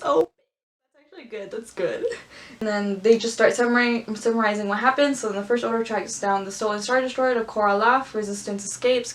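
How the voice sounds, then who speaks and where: A young woman vlogger reading out a script summary and reacting in a sassy, slangy, joking way. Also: on the high side. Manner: sassy, slangy, jokes in paraphrased quotes. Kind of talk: casual reaction chat.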